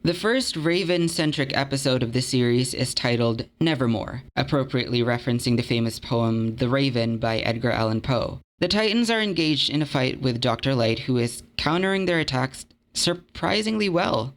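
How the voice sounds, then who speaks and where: A man's voice: mid-range voice, expressive, normal speed, few pauses. A young man narrating a video essay in an earnest, conversational, slightly self-deprecating way. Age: young adult.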